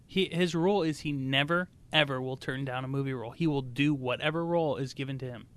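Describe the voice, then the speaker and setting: A man hosting a casual podcast, playful and quick to laugh. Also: mid-range voice, clean tone. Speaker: podcast host.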